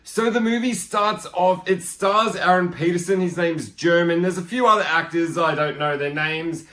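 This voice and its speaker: Chatty, excitable young man reviewing a film. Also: sits high, normal speed. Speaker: podcast host reviewing a film. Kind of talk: casual spoken film review.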